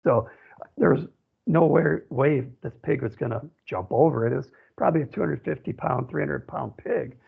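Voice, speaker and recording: A man's voice: a little high, normal speed, gravelly, breathy edge. A man from central Wisconsin, a guest on a radio show, telling a long personal story in a rambling way, often saying "you know". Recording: tinny phone line.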